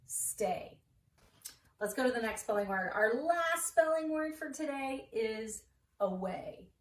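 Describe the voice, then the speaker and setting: A woman teaching a spelling lesson to a class, slowly sounding out letters and syllables. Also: a little high, animated. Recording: roomy, distant mic with faint noise.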